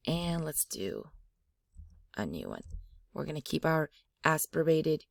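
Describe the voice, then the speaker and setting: A woman giving a pronunciation lesson, sounding out syllables slowly and repeating them. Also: low-pitched, huge pitch swings, gravelly, no echo, studio quality. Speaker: language teacher.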